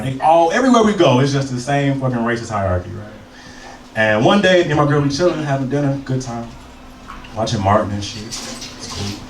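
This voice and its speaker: A man's voice: mid-range voice, far from the mic. Man, young comic, crude stand-up, crowd work, roomy live club. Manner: profane, loose storytelling with crowd work. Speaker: stand-up comedian. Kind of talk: stand-up comedy set. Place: comedy club stage.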